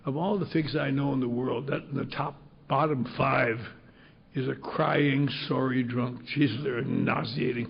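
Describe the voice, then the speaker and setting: A man's voice: mid-range voice, fairly even intonation, unhurried, creaky, lo-fi sound. An older man speaking at a recovery convention, telling a story bluntly with salty humor. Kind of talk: storytelling talk. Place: convention hall.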